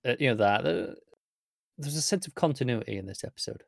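A man's voice: medium pitch, lively intonation, fairly quick, creaky, dry recording, studio quality. A man co-hosting a casual podcast chat, agreeing readily and chiming in with short remarks. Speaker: podcast co-host.

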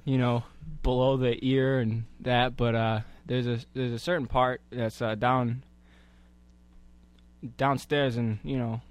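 A man speaks deadpan and halting, padding his lines with uh and you know. His voice sits at a middle pitch and sounds close and dry, with no room around it. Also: clean tone, no room sound. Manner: halting, hesitant delivery with many fillers. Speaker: comedy podcast guest. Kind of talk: deadpan improvised comedy.

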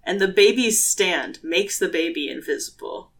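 A woman's voice: on the low side, lively intonation, normal speed. A woman co-hosting a podcast, explaining things in a rambling way full of fillers and laughs. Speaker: podcast co-host. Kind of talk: casual chat.

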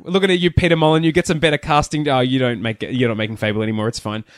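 A man's voice: mid-range voice, level tone, racing, dry recording, studio quality. A man co-hosting a podcast, chatting casually and rambling through stories with lots of asides. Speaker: podcast co-host. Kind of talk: casual chat.

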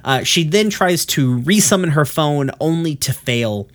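A man's voice: a little high, expressive, measured pace. A man casually retelling a cartoon episode in a rambling way, with lots of fillers and the odd swear word.

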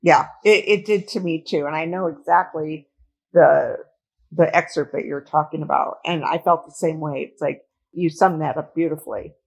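A woman's voice: sits low, fairly even intonation, moderate pace, vocal fry, breathy edge, rough recording. A woman co-hosting a podcast, chatting earnestly about a book and often restarting her sentences. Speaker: podcast co-host. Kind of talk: casual book club chat.

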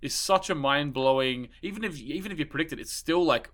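A man's voice: fairly high pitch, brisk, a bit bright. A man hosting a podcast in casual chat, explaining eagerly and checking that his co-host follows.

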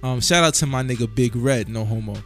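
A man's voice: medium pitch, brisk, soft background music. A man co-hosting a podcast, rambling casually and leaning on "you know what I'm saying". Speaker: podcast co-host. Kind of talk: casual banter.

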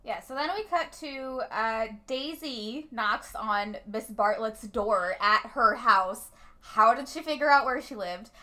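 A woman's voice: fairly high pitch, slow pace, pushed and bright. Giggly young woman chatting. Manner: laughing, candid asides. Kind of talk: casual recap chat.

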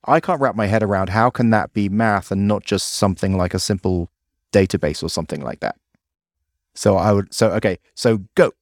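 A man with a lowish voice talks casually on a podcast, feeling his way through his thoughts in a hesitant manner. The sound is dry and close, with no room around it. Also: a little fast, dry recording. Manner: hesitant, musing, with many fillers. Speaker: podcast co-host. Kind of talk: casual chat.

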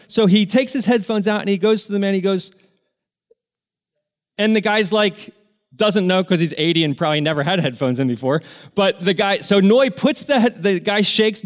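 High-voiced earnest male pastor. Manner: earnest, emotional, tearful at moments. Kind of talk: sermon storytelling.

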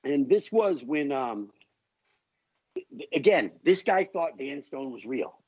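A man with a husky, breathy voice that sits a bit high for a man. He tells a story as a podcast guest, loose and animated, with swearing and asides. The audio sounds dull and lo-fi. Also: slow, no room sound. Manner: animated, profane, full of asides. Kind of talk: casual storytelling.

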